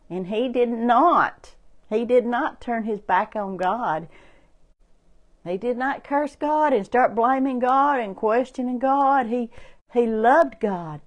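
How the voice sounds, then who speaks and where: A woman giving an informal sermon, repeating herself and building to emphatic, rising preaching. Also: fairly high pitch.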